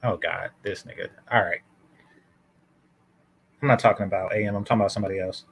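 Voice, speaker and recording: A man's voice: on the low side, fast, gravelly, slight background noise. A man hosting a casual reaction commentary, breaking into sarcastic, exasperated asides between clips.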